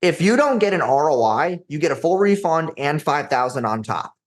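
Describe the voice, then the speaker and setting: A man's voice: on the high side, sing-song, normal speed. Brash, profane young guy telling stories. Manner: brash, profane, says "dude" and "like" often. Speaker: podcast guest, agency founder. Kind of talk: casual storytelling interview.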